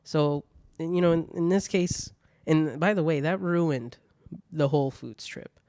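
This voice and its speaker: A man's voice: on the high side, a little slow, darkish tone, smooth, dry recording, clean studio sound. A young man hosting a solo podcast, telling stories in a casual, profane way. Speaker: podcast host.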